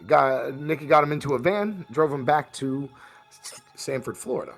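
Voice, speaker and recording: A man's voice: medium pitch, animated, normal speed, creaky, a bit bright, soft background music. A man game master recapping the last session of a tabletop game, rambling with fillers and restarts.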